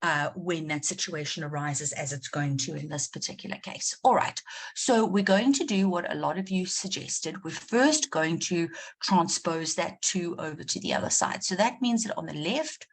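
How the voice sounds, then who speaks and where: Over a faint hiss or hum, a woman with a fairly low voice speaks at a moderate pace. She teaches maths in South Africa and is running a live online revision class, asking questions, encouraging students, and repeating key ideas for emphasis.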